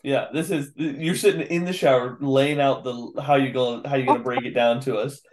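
A young man co-hosting a podcast, chatting casually and teasing with quick reactions. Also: mid-range voice, fairly even intonation, a little mellow, slight background noise. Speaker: podcast co-host. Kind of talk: casual chat.

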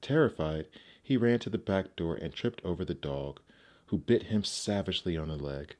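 Deep-voiced man reading fairy tales. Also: animated, normal speed, a little mellow. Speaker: narrator. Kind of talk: scripted storybook narration.

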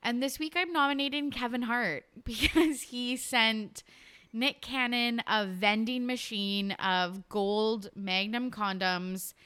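Bright, smooth-voiced young woman co-host. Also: medium pitch. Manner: agreeable, giggly, quick to say "yeah". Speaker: podcast co-host. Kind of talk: casual pop-culture chat.

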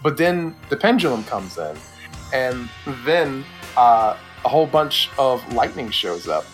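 Male podcast co-host, lively swooping delivery, casual and profane, faint music bed. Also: mid-range voice, a little slow. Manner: animated, swears, frequent restarts and laughter. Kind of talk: casual chat.

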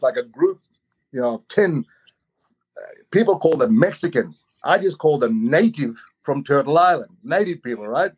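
A man from Australia telling a long travel story in a casual, animated way, often repeating his words as he goes. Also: mid-range voice. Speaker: guest storyteller.

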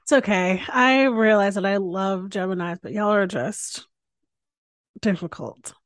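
A woman's voice: mid-range voice, measured pace, no echo, studio quality. A young woman from Connecticut hosting a casual interview, chatty and bubbly with many fillers. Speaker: podcast host.

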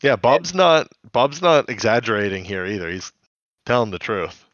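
A man's voice: mid-range voice, sing-song, fairly bright tone, no echo, dull audio. A man co-hosting a podcast, casually recapping scenes in a chatty way. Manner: chatty, recounts scenes with quick quoted voices. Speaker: podcast co-host.

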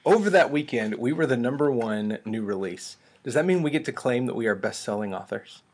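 A West Texas man with a drawl, chatting on a podcast. His voice is a bit husky, and his pitch swings up and down a lot as he laughs along. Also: lively intonation, darkish tone. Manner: good-humored, quick to laugh. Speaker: podcast co-host and book author. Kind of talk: casual podcast chat.

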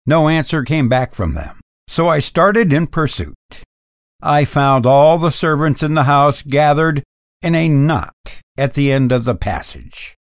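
A man narrates a first-person tale in a slow, dramatic storybook reading. His pitch rises and falls widely as he tells it. The recording is close and dry, with no room echo. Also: lively intonation.

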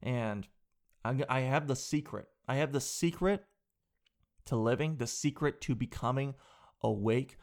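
A young man hosting a casual comic monologue, riffing with disbelief and slipping into quick mock voices of the people he talks about. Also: mid-range voice. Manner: riffing, incredulous, drops into mock quotes. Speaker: host.

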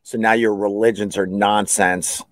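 Guy doing smug aliens talking plain, low and dry. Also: flat delivery, unhurried, no room sound, lightly acted. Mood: announcing. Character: smug alien creators of humanity, male.

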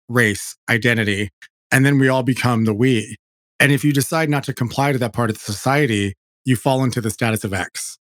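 A man hosting a podcast, talking in an animated, chatty way that keeps breaking off and restarting. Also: mid-range voice, no echo, clean studio sound. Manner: animated, self-interrupting, chatty. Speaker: podcast host. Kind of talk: casual chat.

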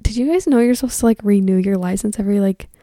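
A woman's voice: mid-range voice, fast talker, warm tone, no room sound, clean studio sound. A young woman and mother telling a story to her viewers in a chatty, rambling way, full of likes and ums. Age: young adult. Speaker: vlogger.

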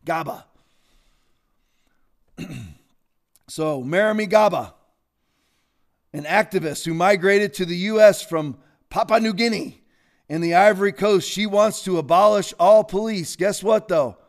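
A man with a notably high voice delivers opinionated commentary as a show host. He is sarcastic and fiery, breaking into sudden loud outbursts between stretches of mocking asides. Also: measured pace, long pauses.

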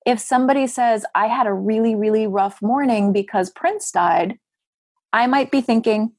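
Husky, emphatic woman guest speaking earnestly. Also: moderate pace, a little mellow, no room sound. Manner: earnest, emphatic, rhetorical, jumps high for inner-voice asides. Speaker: grief writer and guest. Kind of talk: podcast interview talk.

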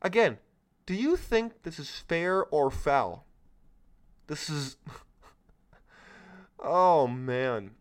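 A man's voice: on the high side, lively intonation, extremely slow, long pauses. A man hosting his own commentary podcast, talking in a sarcastic, mocking way with lots of exclamations. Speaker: podcast host. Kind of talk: solo political commentary podcast.

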